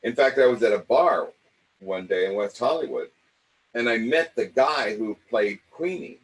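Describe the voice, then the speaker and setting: Older man telling animated life stories. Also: mid-range voice, normal speed, rough recording. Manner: animated, acts out the voices of people in his stories. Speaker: acting coach. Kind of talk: personal storytelling.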